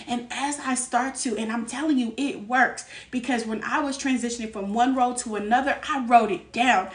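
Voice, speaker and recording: A woman giving a live tarot reading. She talks in a candid, lively way, laughs often and uses streetwise slang. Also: a little high, moderate pace, few pauses, recorded from a distance. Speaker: tarot reader. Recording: echoey room, voice a bit off-mic.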